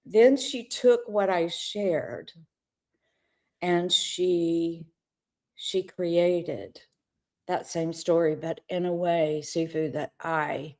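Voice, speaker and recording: A woman's voice: lowish voice, very slow, a little mellow. A woman co-hosting a talk show, candidly telling an emotional personal story in conversation. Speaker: co-host.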